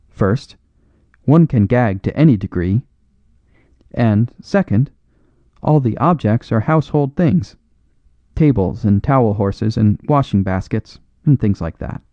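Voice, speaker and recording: A man's voice: medium pitch, lively intonation, measured pace, no room sound, dull audio, natural voice. A man voicing a boisterous, big-hearted Canadian farmer in an exuberant, hearty way for a storybook reading. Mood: enthusiastic.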